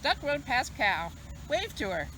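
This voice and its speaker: A librarian reading a picture book aloud to children in an expressive, sing-song storytelling manner. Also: female voice, high-pitched, unhurried, slight background noise, rough recording. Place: library video recording.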